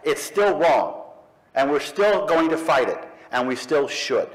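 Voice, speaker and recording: A middle-aged man giving a public speech to a live audience, speaking in slow, punchy declarations with pointed pauses. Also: fairly high pitch, animated, rough recording. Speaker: speaker at an atheist convention. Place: live event in front of an audience.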